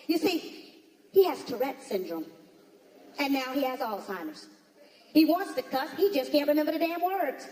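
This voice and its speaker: A woman's voice: high-pitched, very noisy. A woman performing a stand-up comedy routine on a theater stage, telling stories with punchy asides to the audience. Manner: punchy, storytelling delivery with quick asides to the audience. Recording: echoey hall recording with crowd. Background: audience laughter.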